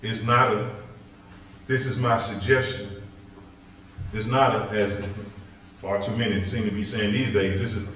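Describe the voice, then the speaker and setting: A man's voice: fairly low pitch, a little slow, long pauses, far from the mic, a little hiss or hum. A man, a pastor leading a Bible study, preaching conversationally and teasing his listeners with jokes. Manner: joking, lively, teasing the audience. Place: church hall. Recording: very echoey hall, voice off-mic.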